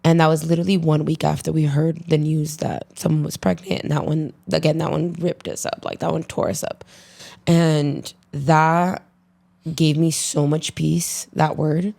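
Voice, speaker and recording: A woman's voice: sits low, little pitch movement, moderate pace, vocal fry, darkish tone. A woman as a podcast guest in casual conversation, telling her story in a heartfelt way.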